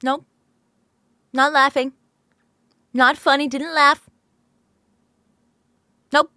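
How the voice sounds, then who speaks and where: A woman's voice: high voice, level tone, extremely slow, sharp tone, no echo, studio quality. A woman streamer chatting casually with viewers, sleepy and just woken up, laughing often.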